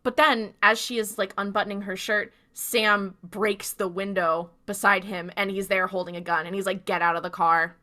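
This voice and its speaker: A woman's voice: medium pitch, flat delivery, normal speed, few pauses, sharp tone. A woman podcast co-host casually recapping a TV episode, chatty, with lots of fillers. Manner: chatty, filler-heavy retelling with quoted lines.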